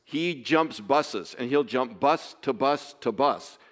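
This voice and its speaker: A man telling a family story in a casual way, emotional and halting, with many restarts. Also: medium pitch, animated, in a large hall.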